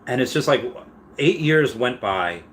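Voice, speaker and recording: A man in his thirties chats his way through a live stream at a mid pitch. He reads viewer messages aloud and rambles loosely from one topic to the next. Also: animated, a little slow, fairly bright tone, a little hiss or hum. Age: 30s. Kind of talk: casual live-stream chat.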